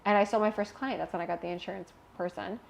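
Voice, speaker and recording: A young woman guest telling a personal story in a candid interview, animated and emotional, laughing at times. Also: mid-range voice, quick pace, vocal fry, a little hiss or hum.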